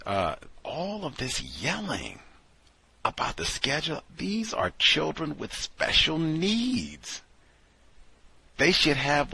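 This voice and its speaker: A man hosting a talk show and delivering sardonic, incredulous commentary, moving between low mutters and loud exclamations. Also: wildly swooping pitch, takes it slowly, gravelly, breathy edge, low-quality recording. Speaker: show host.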